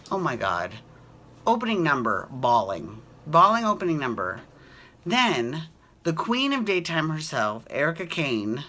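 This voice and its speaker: A man's voice: mid-range voice, sharp tone, a little hiss or hum. A man hosting a casual soap opera recap, talking in a gushing, emotional way and swearing freely. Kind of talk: casual chat.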